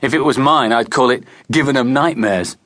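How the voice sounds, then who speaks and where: A man's voice: mid-range voice, moderate pace, a bit bright, no echo, close to an everyday voice. A man voicing a wisecracking child in a gang of kids, quipping wryly in a storybook reading.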